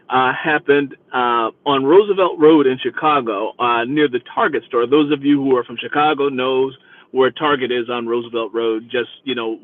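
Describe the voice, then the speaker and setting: A man telling his own driving stories in a chatty, wry, animated way. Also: medium pitch. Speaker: rideshare driver telling stories. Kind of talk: storytelling monologue. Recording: dry tinny phone-like line.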